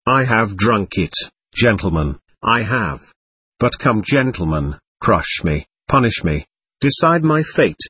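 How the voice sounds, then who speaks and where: Give me a man playing a desperate accused young man, pleading in a husky voice. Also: on the low side, very animated, takes it slowly, fairly bright tone, no echo, exaggerated voice. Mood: anguished. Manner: anguished pleading outbursts.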